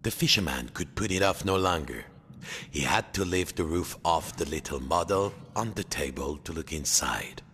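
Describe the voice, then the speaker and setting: A man's voice: low voice, lively intonation, moderate pace, a bit bright, slight background noise. A man narrating a storybook game tale in a playful, theatrical way, with French exclamations. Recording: game audio with music behind.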